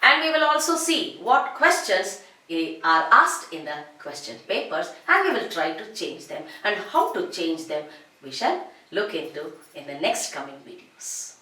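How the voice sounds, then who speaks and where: A woman teaching a grammar lesson, slowly drawing out each example phrase and repeating forms. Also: lowish voice, very animated, sharp tone. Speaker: English teacher. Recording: echoey room.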